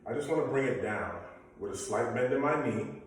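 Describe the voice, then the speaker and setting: A man's voice: mid-range voice, expressive, normal speed, slight background noise. A man leading a basic workout class, giving coaching cues and counting down the reps. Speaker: fitness instructor. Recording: very echoey room, mic far off.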